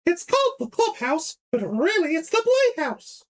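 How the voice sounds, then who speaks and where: Goofy, done by a woman: high dopey cartoon dog. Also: very animated, moderate pace. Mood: goofy, excited. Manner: silly hyper cartoon voice, yelping exclamations. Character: dopey cheerful male cartoon dog, clumsy.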